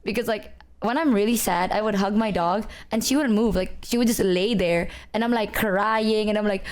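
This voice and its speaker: A woman's voice: medium pitch, moderate pace. A young woman streamer chatting casually, telling rambling stories full of "like" and "bro". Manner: rambling, animated storytelling with lots of "like" and "bro". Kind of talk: casual chat.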